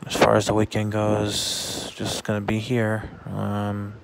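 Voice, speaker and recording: A man talking casually in a vlog, halting often with fillers and restarts. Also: lowish voice, monotone, vocal fry. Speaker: vlogger.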